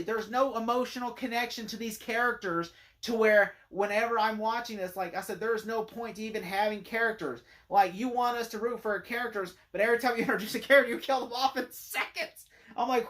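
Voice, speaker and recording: A man's voice: high-pitched, moderate pace, a bit bright. Rambling, opinionated man reviewing a movie. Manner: rambling and opinionated, heavy use of "like". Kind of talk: casual spoken movie review rant.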